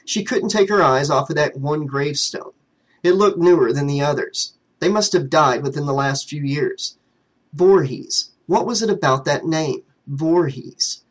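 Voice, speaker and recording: Man narrating an audiobook, fairly high voice. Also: poor audio. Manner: steady storytelling reading.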